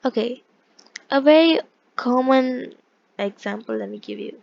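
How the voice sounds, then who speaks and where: Woman, language teacher, fairly high voice, patient explaining, dull lo-fi sound. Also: measured pace, vocal fry. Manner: explains patiently, with frequent restarts and check-ins. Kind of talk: casual online lesson explaining pronunciation.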